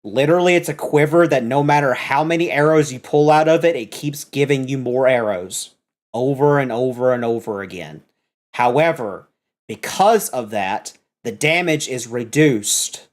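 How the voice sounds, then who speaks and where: A man's voice: medium pitch, moderate pace. A man running a tabletop game as dungeon master, explaining item rules at length and correcting himself as he goes.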